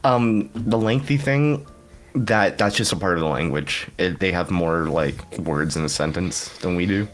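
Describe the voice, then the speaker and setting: A man's voice: low-pitched, unhurried, faint music behind. A young man co-hosting a podcast, rambling casually, swearing freely and laughing often. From Canada, Hamilton area. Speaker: podcast co-host.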